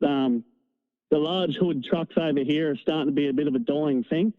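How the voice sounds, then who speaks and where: A man with a North Queensland Australian accent, a truck driver calling in to chat, relaxed and talkative. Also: a little high, normal speed. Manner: chatty, relaxed, uses mate and no worries. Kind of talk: casual phone call. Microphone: phone. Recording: tinny phone line.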